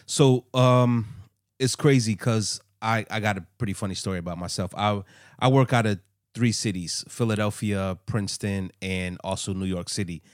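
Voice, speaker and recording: A podcast co-host with a lowish voice chats casually at a moderate pace, telling rambling stories packed with fillers. The recording is clean studio sound with no room echo.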